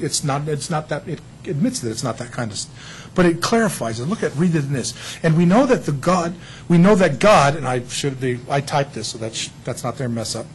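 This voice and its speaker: A man's voice: on the high side, slightly rough, poor audio. A man giving a casual, joking sermon, telling a story to his congregation. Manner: chatty and animated, telling a story with jokes. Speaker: pastor.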